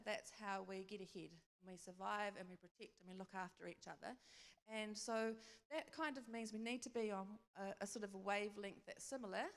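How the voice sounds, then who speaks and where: Woman speaker, storytelling church talk, some vocal fry, hall reverb. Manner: storytelling, acts out dialogue in a higher voice. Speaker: speaker sharing a testimony.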